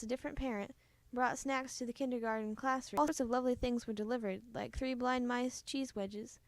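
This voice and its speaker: A woman with a high, light voice reads a children's storybook aloud, gentle and expressive. Her voice sounds close and dry, with no echo. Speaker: storybook reader. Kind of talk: reading a children's book aloud.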